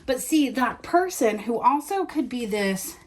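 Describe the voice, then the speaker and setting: A woman's voice: fairly high pitch, animated, unhurried. A woman doing a casual tarot reading, chatting and thinking aloud as she turns and reads the cards. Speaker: tarot reader.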